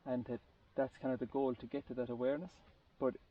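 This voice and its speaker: A man's voice: medium pitch, level tone, fast talker. A man telling a long story in a casual group talk, rambling and often restarting his sentences. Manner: rambling, searching for words with restarts. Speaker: group participant. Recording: distant muffled lo-fi recording.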